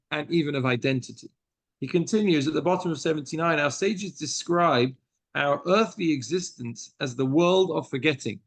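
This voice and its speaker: A man's voice: a little high, vocal fry, fairly bright tone. A British man teaching a text study class as a rabbi, reading passages aloud and explaining them through stories in an earnest, explanatory way. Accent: British English. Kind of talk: text study lesson with storytelling.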